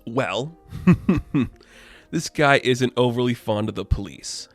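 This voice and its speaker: A man's voice: medium pitch, slow, faint music behind. A young man casually reviewing a comic, rambling and sarcastic, with lots of fillers. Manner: rambling, sarcastic, loose paraphrasing with frequent fillers.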